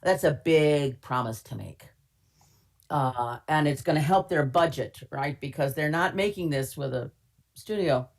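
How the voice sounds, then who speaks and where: A woman's voice: deep voice, a little slow. Older woman telling casting stories. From Minnesota. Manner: chatty and candid, wry humor, many fillers. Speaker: casting director. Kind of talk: webinar interview, anecdotal storytelling.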